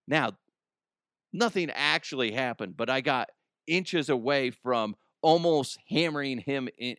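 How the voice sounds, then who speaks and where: A man's voice: medium pitch, sharp tone, clean tone, no room sound, studio quality. A man hosting a podcast, rambling through a casual comedic monologue and laughing at his own jokes. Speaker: podcast host.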